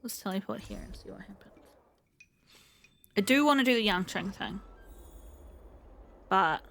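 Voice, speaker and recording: A woman's voice: mid-range voice, animated, a little slow, a bit bright, slight background noise. Woman chatting over a game. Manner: reads game text aloud between remarks, frequent fillers. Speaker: let's play host. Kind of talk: casual gameplay commentary.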